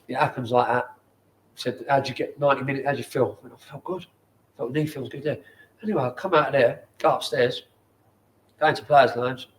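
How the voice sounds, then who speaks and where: A man in his forties with a London accent, a former footballer telling stories in casual chat in a bar, animated and swearing often. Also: medium pitch, a little hiss or hum. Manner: animated, swears often, acts out quoted people. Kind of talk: casual storytelling.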